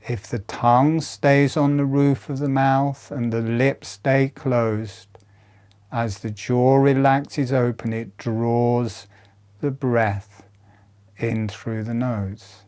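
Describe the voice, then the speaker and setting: A man leading a guided breathing meditation, giving calm instructions softly with long pauses. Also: medium pitch, clean tone.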